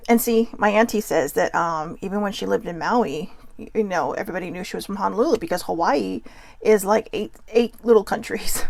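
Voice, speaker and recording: Host from Southern California, female, rambling chatty delivery, gravelly edge, dry close sound. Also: medium pitch, dry recording. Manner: chatty, rambling, laughs often, many fillers. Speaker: podcast host. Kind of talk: casual storytelling monologue.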